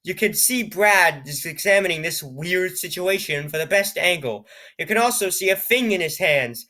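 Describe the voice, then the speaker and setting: This man's voice sits high and sounds bright, forceful, and expressive at a moderate pace. Hosting his channel, he reads a nonsense story aloud with playful mock drama, breaking into laughter and joking asides as he comments.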